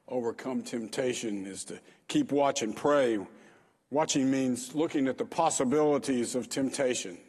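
Husky guy preaching, chatty with lots of uhs, long echo like a big church. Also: mid-range voice, a little mellow. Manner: conversational, with frequent fillers. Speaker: pastor. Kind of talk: sermon.

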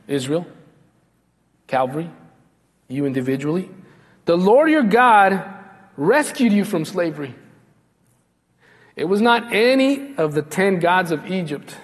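Man preaching in a reverberant hall. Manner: slows down and drops low when quoting God. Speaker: pastor. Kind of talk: sermon.

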